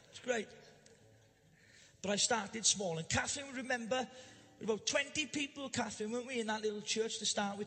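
A man preaching a humorous storytelling sermon to a church congregation, animated and jokey, building to loud emphatic bursts. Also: very high voice. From Wales. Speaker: pastor. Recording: live church hall reverb.

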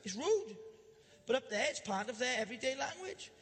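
A man preaching a humorous storytelling sermon to a church congregation, animated and jokey, building to loud emphatic bursts. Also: very high voice, fairly quick. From Wales. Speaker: pastor. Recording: live church hall reverb.

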